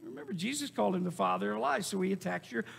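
High, gravelly preacher in a reverberant church. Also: male voice, very animated, quick pace. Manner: preaching with emphatic repetition and rising shouts. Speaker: pastor. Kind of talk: sermon. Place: church sanctuary. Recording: long reverb of a church hall.

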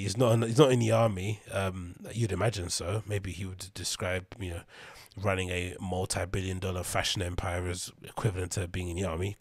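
A man's voice: low-pitched, dry recording, studio quality. A young man hosting a podcast, reading news aloud and giving wry, rambling commentary with the odd laugh. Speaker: podcast host.

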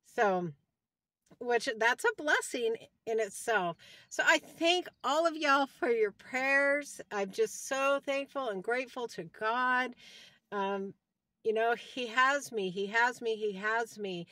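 A devout woman in her sixties talks into her phone in a heartfelt, rambling way, circling back to the same words and praising God between thoughts. Her voice sits a little high for a woman. The sound is close and dry, with no room around it. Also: slow pace, pushed and bright, no room sound. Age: 60s. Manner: heartfelt and rambling, often repeating herself. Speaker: vlogger giving a personal health update. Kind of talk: casual talk to camera.

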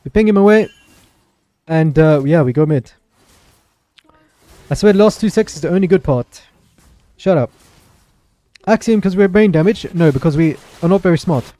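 A young man commentates his own match live for his stream, chatty and excitable. His voice sits a little high, with a mellow, soft tone. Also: moderate pace, long pauses, dry recording. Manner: excitable, chatty, apologetic asides to chat.

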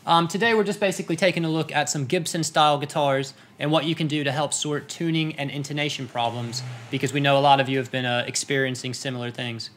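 A man's voice: on the high side, fairly even intonation, fast talker, hardly any pauses, fairly bright tone, a little hiss or hum. A man hosting a guitar shop video, opening and closing it in an upbeat, chatty way. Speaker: host. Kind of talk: casual presenter intro.

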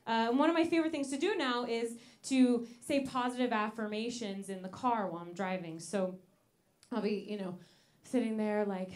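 A young woman doing a stand-up comedy set on a club stage into a handheld mic, with a deadpan delivery and slow pauses. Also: a little high. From Italian-American family. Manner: deadpan delivery, slow pauses, sudden shouted outbursts in put-on voices.

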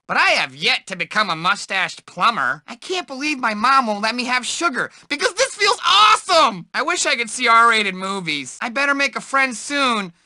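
A man's voice: very high voice, lively intonation, normal speed, hardly any pauses, sharp tone, no echo, exaggerated voice. A man voicing a timid, lonely nerdy teenage boy in a video game, eager and self-pitying as he keeps begging for friends. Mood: earnest. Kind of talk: game voice lines.

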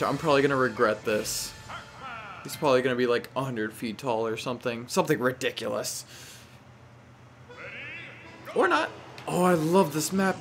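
Animated young man narrating his gameplay. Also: on the high side. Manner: animated, talks to the game, frequent exclamations. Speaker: gameplay commentator. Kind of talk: casual live gameplay commentary.

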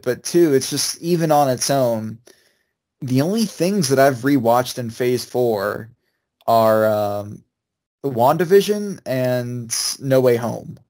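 Young dude rambling on a pod, lots of restarts, medium voice. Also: male voice, mid-range voice, a little mellow. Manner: rambling, hesitant, many restarts. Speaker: podcast co-host. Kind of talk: casual chat.

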